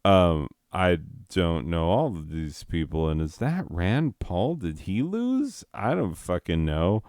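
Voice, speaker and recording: A man's voice: deep voice, expressive, takes it slowly, a little mellow, clear, resonant tone, no echo, studio quality. A man doing profane, sardonic stand-up comedy, ranting about the news of the year.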